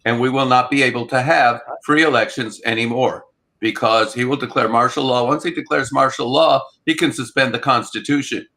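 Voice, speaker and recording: A man's voice: mid-range voice, steady tone, fairly quick. A man in casual political talk, emphatic and grimly joking, often restarting his sentences. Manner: emphatic, stuttering starts, dark humor. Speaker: political commentator.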